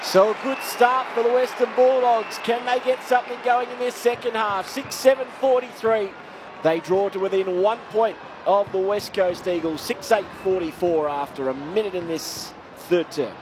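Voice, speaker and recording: A man calling sports commentary with rising excitement. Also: high voice, normal speed, a crowd in the background, noisy background.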